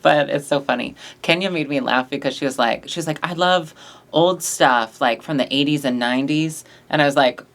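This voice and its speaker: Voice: mid-range voice, fast, gravelly, hardly any pauses. A co-host in a casual chat, talking in a giggly, agreeable, playful way. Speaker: podcast co-host.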